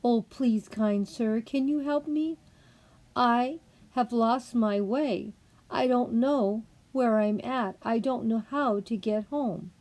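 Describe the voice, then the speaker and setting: A woman voicing a frightened, lost young girl who pleads for help, high and tearful. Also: takes it slowly, darkish tone, poor audio. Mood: pleading.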